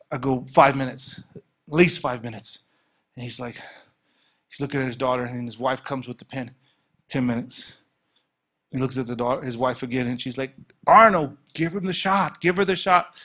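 A man preaching and telling a testimony story, acting out the dialogue with lively energy. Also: medium pitch, breathy edge. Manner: animated, acts out dialogue.

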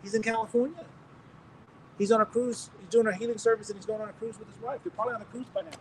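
Guy preaching, telling a story and doing everyone's lines, kinda high voice, mic's far off. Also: steady tone, rapid-fire. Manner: storytelling, acting out quoted voices. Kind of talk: sermon testimony. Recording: distant mic with faint noise.

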